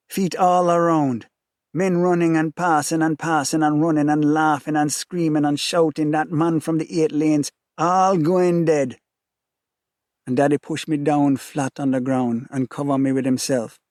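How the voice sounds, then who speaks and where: A man with a Jamaican accent reads in a rhythmic, repeating cadence with a somewhat high voice. The sound is close and dry, with no room to speak of. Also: darkish tone, no echo. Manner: rhythmic, repetitive, intense. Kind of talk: dramatic reading of a novel in first person.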